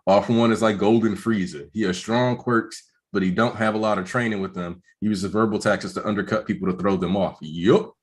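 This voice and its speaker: Lower-voiced young man breaking down plot. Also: fairly quick, hardly any pauses. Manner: analytical, relaxed, slangy. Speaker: co-host. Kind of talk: casual manga discussion.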